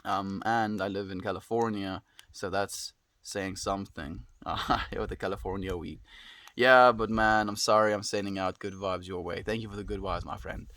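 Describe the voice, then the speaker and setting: A South African man casually live-streaming from his farm, calmly reflecting and greeting viewers by name. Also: sits low, moderate pace. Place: outdoors on a rural farm.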